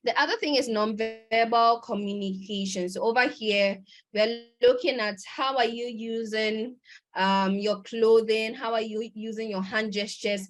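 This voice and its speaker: A woman's voice: a little high, steady tone, measured pace, soft background music. A woman presenting a conference lecture over a video call, talking in a conversational way with fillers and restarts.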